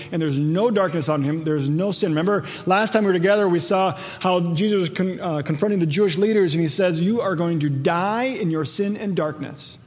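A man's voice: high voice, a little mellow. A man teaching a conversational Bible sermon, asking rhetorical questions and acting out the dialogue of the passage. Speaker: pastor. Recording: long hall reverb.

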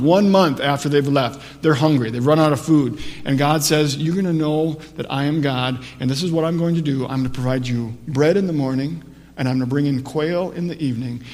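A man preaching a sermon as pastor, telling the story with lively shifts from soft to emphatic. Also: medium pitch, long reverb tail.

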